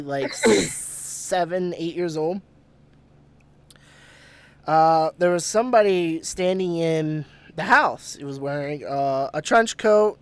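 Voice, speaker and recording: A man hosting a podcast casually recounts a story, animated and profane, with lots of laughter. His voice is fairly high with a clean tone and no echo.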